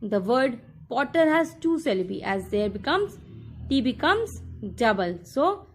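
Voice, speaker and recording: A woman teacher talks a class through a workbook lesson, repeating each instruction as she goes. Her voice sits fairly high, and she takes her time over every step. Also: very animated, unhurried, soft background music.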